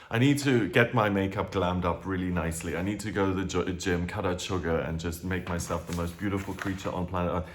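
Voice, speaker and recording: A man with a fairly low voice giving an informal astrology reading. He talks in a loose, chatty way, wanders into asides, and often restarts his sentences mid-thought. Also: steady tone, fairly quick. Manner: chatty, digressive, with frequent restarts. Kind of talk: casual astrology talk.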